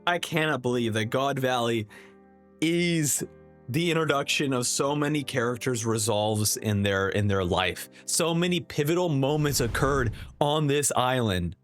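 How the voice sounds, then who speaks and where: Animated young man reacting to a comic. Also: mid-range voice, measured pace, faint music behind. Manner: excitable, animated. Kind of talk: reading a comic aloud and reacting.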